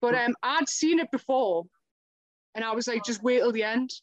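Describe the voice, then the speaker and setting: A woman with a high voice talks bluntly on a podcast, swearing and laughing often. The sound is close and dry, with no room echo at all. She speaks plainly, in her own natural voice. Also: moderate pace, dull audio. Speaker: podcast participant. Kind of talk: casual chat.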